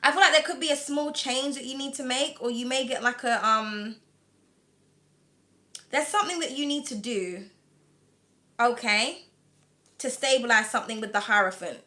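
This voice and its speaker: Speaking at a moderate pace with long pauses, a British tarot reader uses a high, bright, forceful voice with a slightly whiny edge. She rambles chattily through her live reading, saying "like" and "um" constantly and laughing often.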